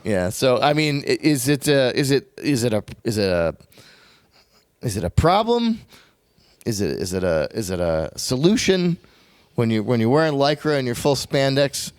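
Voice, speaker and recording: Brief: man, podcast co-host, lively swooping pitch, close dry mic, laughs a lot, rambles with restarts. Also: normal speed, smooth, no echo. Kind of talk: casual chat.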